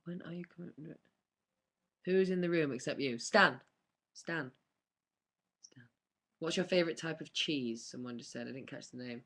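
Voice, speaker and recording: A man's voice: a little high, moderate pace, long pauses, fairly bright tone. A young man, chatting casually on a live stream and answering fan questions with lots of ums and laughs. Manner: chatty, rambling, laughs often, many ums.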